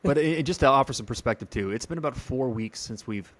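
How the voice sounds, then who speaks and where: A man hosting a casual podcast chat, a father who talks in a halting way and repeats words as he searches for them. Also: mid-range voice, animated, a bit bright. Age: adult, a father. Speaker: podcast host.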